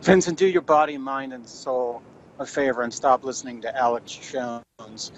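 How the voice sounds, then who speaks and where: A man's voice: mid-range voice, fairly even intonation, moderate pace, a little hiss or hum, poor audio. A man calling in to a radio show, lecturing the host dismissively. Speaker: caller. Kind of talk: call-in radio argument.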